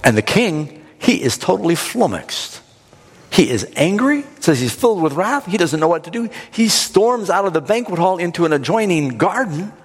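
A man preacher giving a sermon, retelling the story in a dramatic, animated way. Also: high voice, normal speed, slightly rough. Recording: long hall reverb.

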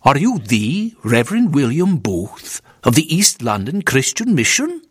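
A male narrator puts on a nervous Scottish minister of the old school, fussing and disapproving as he talks. His delivery swings up and down with lively inflection. The sound is dry and close. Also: mid-range voice, measured pace, breathy edge, no room sound, full character voice. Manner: stiff, complaining, scornful of his brother.

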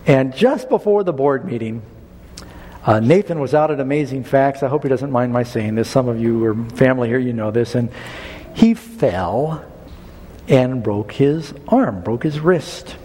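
A middle-aged male pastor preaching a sermon, telling a personal story with lively swings in pitch and building to an appeal. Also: a little slow, husky. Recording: long hall reverb.

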